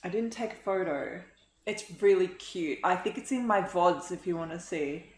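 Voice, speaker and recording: A woman's voice: fairly low pitch, normal speed, slight background noise. A young woman streaming a game, chatting in a rambling, giggly way. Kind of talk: casual live-stream chat while gaming. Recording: roomy, echoey room sound.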